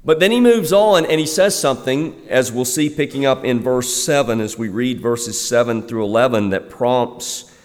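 A male pastor preaching a sermon, chatty with the congregation and emphatic on key points, slowing down to stress the scripture he reads. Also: medium pitch, darkish tone, long reverb tail. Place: church sanctuary.

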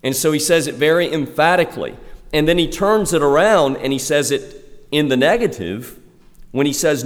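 A man's voice: a little high, lively intonation. Male pastor, sermon, conversational then emphatic, long church reverb. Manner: conversational, emphatic preaching with slow, stressed scripture reading. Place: church sanctuary.

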